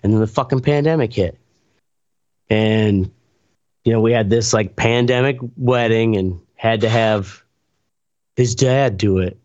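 A man telling a story on a podcast in a casual chat, animated, laughing and swearing as he goes. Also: on the low side, measured pace, long pauses, dry recording, dull audio. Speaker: podcast co-host.

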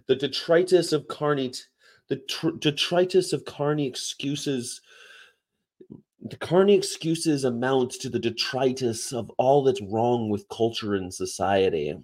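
A man's voice: mid-range voice, measured pace, a little mellow. A man hosting a livestream, chatting casually and rambling between topics and read-aloud definitions. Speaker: livestream host.

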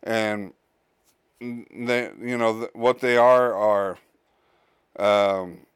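Slow, smooth-voiced man podcasting. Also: lowish voice, fairly even intonation, no room sound, studio quality. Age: adult, a father. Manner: halting, many fillers and restarts. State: tired, yawning. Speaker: podcast host. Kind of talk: casual solo podcast monologue.

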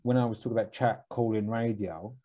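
A man's voice: fairly low pitch, fairly even intonation, fast, warm tone. A young man with a Cockney accent, co-hosting a podcast in blunt, sweary, mumbly casual chat. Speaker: podcast co-host.

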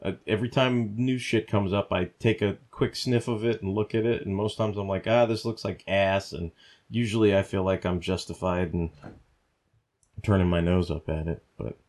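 A man's voice: low voice, fairly even intonation, moderate pace, a little mellow. A man co-hosting a podcast, ranting heatedly in casual talk, swearing constantly and restarting his sentences. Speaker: podcast co-host. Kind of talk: profane casual rant.

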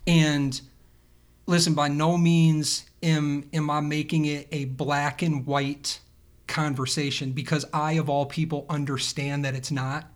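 A man with a slightly high voice hosts a relaxed talk show. He rambles, gets animated, and drifts into playful asides. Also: unhurried. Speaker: podcast host. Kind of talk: casual conversation.

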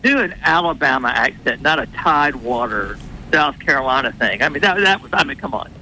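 A man's voice: mid-range voice, animated, a little fast, sharp tone, slight background noise, poor audio. A man calling in to a radio show, talking bluntly and giving his opinions. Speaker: caller. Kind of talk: phone-in call.

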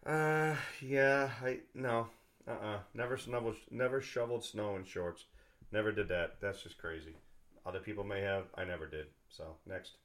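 A man's voice: fairly low pitch, moderate pace, fairly bright tone. A middle-aged man from New England with a Boston-area accent, hosting a podcast in casual, rambling chat full of fillers and restarts. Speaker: podcast host.

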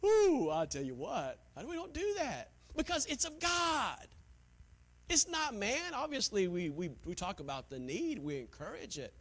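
A man preaching a sermon as pastor, dropping to hushed, near-whispered lines and rising to loud, emphatic preaching, sometimes mocking grudging givers in put-on voices. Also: very high-pitched, big pitch swings, normal speed.

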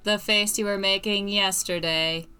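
Woman playing a deadpan formal android. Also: mid-range voice, a little slow, clear, resonant tone, soft background music. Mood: flat. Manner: flat, formal, literal speech. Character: emotionless female android learning feelings. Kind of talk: tabletop role-play.

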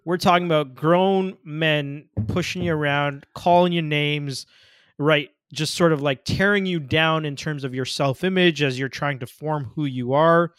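A man's voice: on the high side, fairly even intonation, measured pace, fairly bright tone, clear, resonant tone, clean studio sound. A man interviewing a guest, repeating key points back and asking follow-up questions. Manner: engaged, echoes and follows up on answers. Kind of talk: conversational interview.

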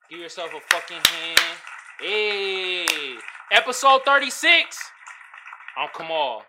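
A man hosting his own podcast, ranting casually and profanely, slipping into high mimicking voices. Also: heavy background noise. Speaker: podcast host. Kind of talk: casual solo podcast rant.

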